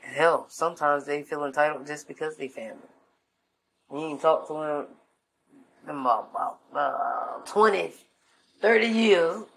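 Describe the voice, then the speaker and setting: A woman's voice: low-pitched, measured pace, gravelly, long pauses, a little hiss or hum, low-quality recording. A woman talking in a laid-back, slangy casual monologue, giving life advice to her viewers. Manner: laid-back and slangy, acts out voices in anecdotes.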